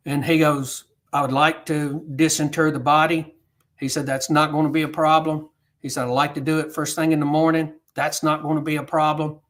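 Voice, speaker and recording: A guest speaker on history, a man whose voice sits a little higher than most men's, tells a history story to an audience in an unhurried, storytelling manner. His tone is steady and fairly bright, and he acts out the quoted dialogue as he goes.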